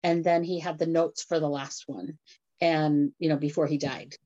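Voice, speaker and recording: Low-voiced woman on a dull line. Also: fairly even intonation, moderate pace, mellow. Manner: explaining, with many fillers. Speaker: book group member. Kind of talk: casual group discussion. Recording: dull lo-fi sound.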